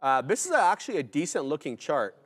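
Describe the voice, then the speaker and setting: A man's voice: on the high side, big pitch swings, fairly quick, a bit bright. A man co-hosting a live trading stream, talking casually through charts and correcting himself aloud. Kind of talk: live market commentary.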